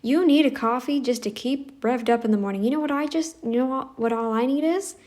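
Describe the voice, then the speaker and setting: A woman's voice: high-pitched, a little fast, a little mellow. A woman giving sarcastic reaction commentary in a blunt, mocking, scornful way, recorded on a phone mic.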